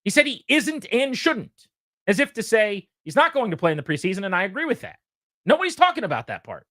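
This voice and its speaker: A man's voice: high-pitched, racing, no echo, studio quality. A man hosting sports talk radio, talking emphatically and telling stories with energy. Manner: emphatic, animated storyteller.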